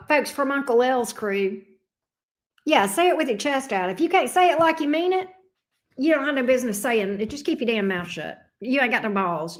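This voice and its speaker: A middle-aged woman hosting a livestream, chatting casually and bluntly with viewers and swearing freely. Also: on the high side. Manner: blunt, profane and sassy. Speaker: tarot reader and livestream host. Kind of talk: casual livestream chat reading viewer comments.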